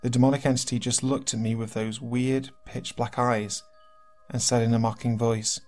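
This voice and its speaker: Man, horror story narrator, medium pitch, steady, faint background music. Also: normal speed. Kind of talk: scripted narration of horror stories.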